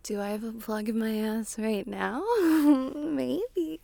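Woman doing a whispered intimate monologue in a tiny closet, breathy, lots of sighs, kinda raspy and slow. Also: a little high, no echo. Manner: breathy, sighing, slow and lingering, with soft laughs. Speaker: adult audio creator. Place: small closet.

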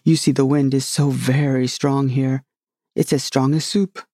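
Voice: medium pitch, little pitch movement, unhurried, dark tone, no echo, clean studio sound, close to an everyday voice. A reader doing a grave, muddled old knight. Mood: earnest. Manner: grave, rambling, self-satisfied.

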